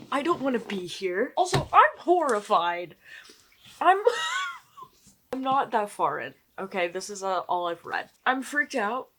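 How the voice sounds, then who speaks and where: A woman's voice: mid-range voice, fairly bright tone, a little hiss or hum. Exasperated young woman ranting about a book. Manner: exasperated ranting with frequent laughs; drops into whispers. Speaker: book vlogger. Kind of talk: casual reading vlog to camera. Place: at home at night.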